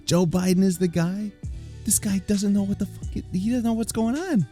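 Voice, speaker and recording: A man's voice: high voice, moderate pace, mellow, soft background music. A man live-streaming a reaction, incredulous, laughing often and swearing.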